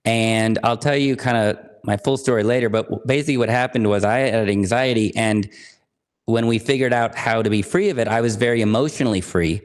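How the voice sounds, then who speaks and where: A man's voice: medium pitch, fairly quick. A man from California, talking in a chatty, light-hearted way as a guest on a podcast interview. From California, United States.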